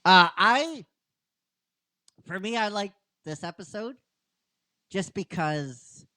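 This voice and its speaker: Casting: unhurried male host, rambling recap, lively pitch, lots of fillers. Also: dry recording. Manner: rambling, filler-heavy, keeps asking "right?". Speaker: podcast host and episode writer. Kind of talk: casual chat recapping a story.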